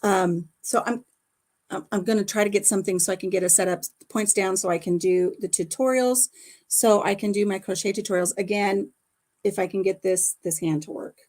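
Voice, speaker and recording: A woman's voice: medium pitch, steady tone, normal speed, darkish tone. Woman, middle-aged, casual livestream chat, home, phone mic, chatty, laughs often. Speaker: livestream host.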